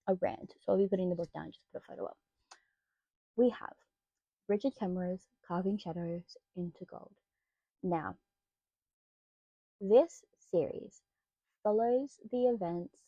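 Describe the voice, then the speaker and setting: Gravelly Australian woman chatting about books. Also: mid-range voice, dry recording, muffled recording. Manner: chatty, rambling, quick to rant. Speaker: book vlogger. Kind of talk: casual book review chat.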